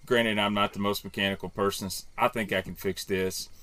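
A man in his thirties with a bright, forceful voice that sits a little low. He tells a casual story with animated, profane energy and pokes fun at himself as he goes. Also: brisk, no room sound. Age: 30s. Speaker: podcast panelist.

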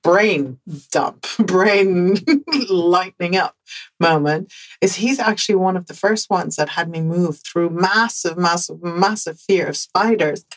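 A woman from the Netherlands with a Dutch accent, hosting a podcast and telling a personal story in an animated way, repeating words for emphasis and laughing often. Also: fairly low pitch, a little slow, poor audio. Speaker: podcast host.

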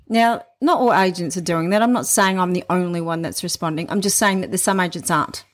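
A woman's voice: on the low side, moderate pace. A woman sales coach giving upbeat, emphatic advice in a casual vlog, often repeating her points.

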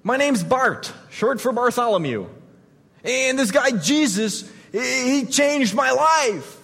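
A man's voice: very high voice, lively intonation, takes it slowly, vocal fry, fairly bright tone, breathy edge, long reverb tail, voice pushed up, full character voice. A man voicing an eager young man, a healed former blind beggar, telling his story in a rush.

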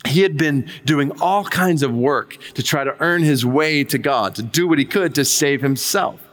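A man's voice: on the high side, normal speed, fairly bright tone. A male pastor preaching a sermon, retelling a conversion story with impassioned emphasis. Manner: impassioned storytelling, reads quotes aloud with rising emphasis.

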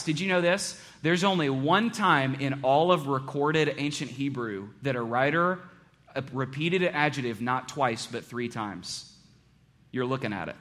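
A man preaching a sermon to a congregation, joking one moment and hushed and earnest the next. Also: on the high side. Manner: animated, joking, with big swings between loud and hushed. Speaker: pastor.

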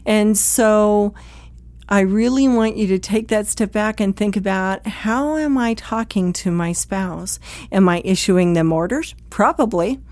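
A woman's voice: medium pitch, a little slow, darkish tone, no echo. A woman giving a direct, conversational talk that coaches first responders on how they speak at home, acting out quoted exchanges along the way. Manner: direct, plain-spoken, acts out quoted exchanges.

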